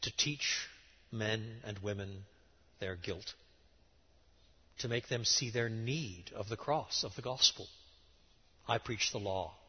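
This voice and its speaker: A middle-aged man preaching a lecture-style sermon, emphatic and animated, with sudden rises and drops in his voice. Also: fairly low pitch, slow, pauses often, slightly rough. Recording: dull sound in a large reverberant hall.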